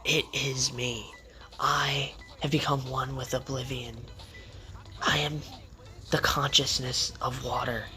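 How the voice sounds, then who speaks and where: A man's voice: mid-range voice, little pitch movement, takes it slowly, sharp tone. A man quoting a spaced-out friend, dreamy and grand. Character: spaced-out young male friend talking about water.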